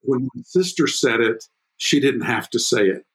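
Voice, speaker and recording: A middle-aged man talking as a podcast guest about fatherhood, emphatic and prone to repeating words, with his pitch jumping up when he gets excited. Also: normal speed, low-quality recording. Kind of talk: animated conversational podcast talk.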